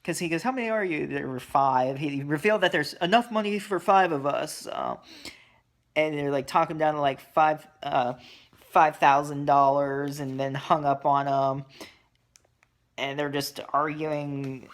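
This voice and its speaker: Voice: medium pitch, steady tone, a little slow. A reviewer casually recapping a horror movie, dismissive and sarcastic, with many ums and uhs.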